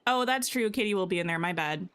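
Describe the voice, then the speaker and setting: A woman's voice: mid-range voice, lively intonation, fast, a bit bright, clean tone. A woman chatting casually while livestreaming a game, thinking aloud and tossing in playful asides to her viewers. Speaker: game streamer.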